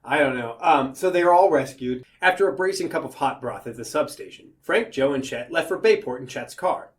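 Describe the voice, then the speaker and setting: A man's voice: mid-range voice, a little fast. A man hosting a casual comedy podcast, recapping a book's plot and acting out the characters as he goes. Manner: animated storyteller, recaps plot and acts out characters. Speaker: podcast host. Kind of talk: casual comedic book discussion.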